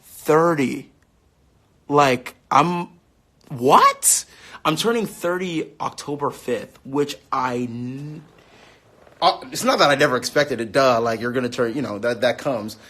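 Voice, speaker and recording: A man's voice: mid-range voice, normal speed, a bit bright. A man in his late twenties chatting casually on a live stream, answering fan questions, upbeat and full of fillers. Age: 20s. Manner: chatty and upbeat, many fillers, laughs easily.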